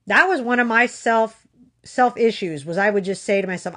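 A woman's voice: a little high, animated, moderate pace. Frank, earnest woman giving tough-love encouragement. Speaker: weight-loss motivational speaker. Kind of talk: candid motivational talk to viewers.

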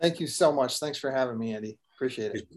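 Easygoing Midwestern man with a mellow voice. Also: mid-range voice, fast talker, a little hiss or hum. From American Midwest. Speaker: voice actor guest. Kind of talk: casual chat.

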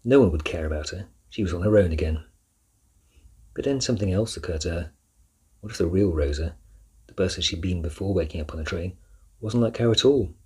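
Husky low-voiced male narrator. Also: a little fast. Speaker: audiobook narrator. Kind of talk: scripted storybook narration.

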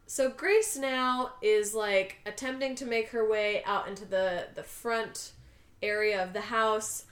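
A woman's voice: mid-range voice, steady tone, measured pace, echoey room. A woman on a podcast, animatedly retelling a movie scene and acting out characters' lines. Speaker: podcast co-host. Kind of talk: casual movie recap chat.

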